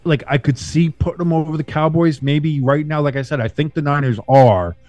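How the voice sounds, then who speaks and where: A man hosting a casual sports podcast, talking loosely and profanely with bursts of animated emphasis. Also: on the high side, fairly quick, no echo, dull audio. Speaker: podcast host.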